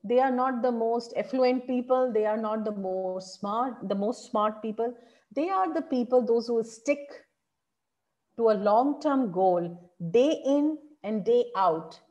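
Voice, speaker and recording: A woman teaching public speaking in an online workshop, animated and encouraging, asking her audience questions. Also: on the high side, lo-fi sound.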